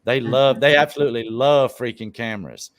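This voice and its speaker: A man's voice: mid-range voice, brisk, no echo. A man hosting a casual live-stream chat, telling stories in a laid-back way and swearing freely. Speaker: live stream show host.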